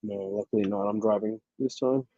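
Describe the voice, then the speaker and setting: A man chatting casually as a guest on a call, quick and trailing off at times. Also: fairly low pitch, fairly even intonation, dark tone, dry recording, lo-fi sound. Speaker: guest caller. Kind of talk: casual chat.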